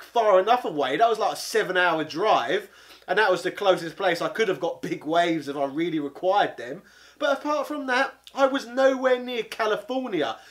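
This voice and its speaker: A man, delivering an exasperated comedic rant as a game reviewer. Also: high-pitched. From London, England. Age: 30s. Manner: exasperated, indignant, peppered with 'bloody'. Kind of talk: comedic ranting monologue.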